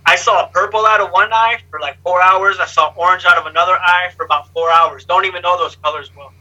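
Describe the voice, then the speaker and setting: A man's voice: high voice, fairly quick, highs cut off. A man being interviewed, telling his life story candidly in blunt, streetwise language and acting out what others said. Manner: lively, acts out other people's lines. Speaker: interview guest.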